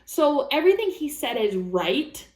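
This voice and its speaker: A woman's voice: high voice, a little slow. Blunt, swearing woman in a roomy echo. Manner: blunt, swears freely, animated asides. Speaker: craft vlogger reading and reacting to an online story. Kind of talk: casual reaction chat.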